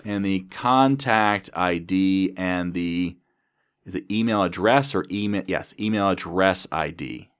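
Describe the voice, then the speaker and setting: Slow, deep-voiced man teaching code. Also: smooth. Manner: methodical, talks through code as he types. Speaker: programming instructor. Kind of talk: coding tutorial screencast.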